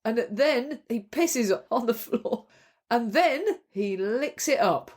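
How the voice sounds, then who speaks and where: A woman co-hosting a podcast, telling stories in an animated, chatty way. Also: on the high side, slow pace. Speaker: podcast co-host. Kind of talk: casual book discussion.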